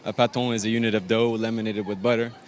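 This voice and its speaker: A man's voice: lowish voice, little pitch movement, fast. A man from Arizona, a pastry chef and bakery owner, explaining his pastries in detail, with fillers, during an on-location interview. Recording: faint outdoor traffic noise.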